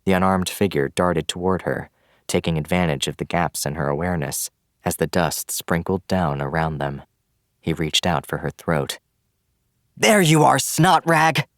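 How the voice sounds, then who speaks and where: A man giving scripted, measured audiobook narration of a fantasy novel. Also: a bass voice, steady tone, no room sound, clean studio sound.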